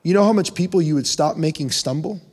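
A young man preaching a conversational sermon, his voice climbing in pitch when he presses a point. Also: quick pace, darkish tone, husky. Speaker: pastor. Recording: long hall reverb.

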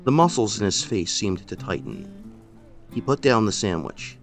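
A man narrating a first-person story in a measured, expressive way. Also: fairly low pitch, soft background music. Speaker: audiobook narrator.

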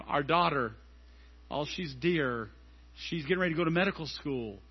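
A middle-aged man preaching a sermon as a pastor, animated and telling stories. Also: a little high, moderate pace, breathy edge, dull audio. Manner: animated and storytelling, acting out scenes.

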